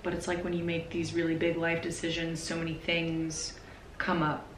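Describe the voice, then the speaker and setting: Woman in her twenties, confessional vlog, halting and emotional, slightly low voice, faint background hiss. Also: monotone, roomy sound, rough recording. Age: 20s. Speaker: vlogger.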